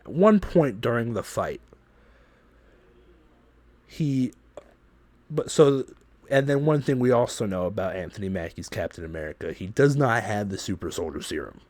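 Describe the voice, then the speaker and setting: A man hosting a podcast, telling a story in a loose, profane, animated way. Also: fairly low pitch, moderate pace, long pauses, no echo. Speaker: podcast host.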